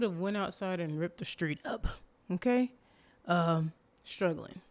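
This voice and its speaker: A woman's voice: fairly low pitch, a little slow, a little mellow. A young woman hosting a casual solo podcast, talking expressively with dramatic emphasis and frequent laughter. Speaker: podcast host.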